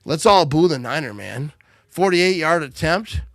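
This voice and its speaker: A man's voice: a little high, lively intonation, a little slow, no room sound, clean studio sound. A man hosting a live watch party, joking and calling plays, a bit tipsy. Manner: loud, joking play-by-play banter. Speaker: livestream host.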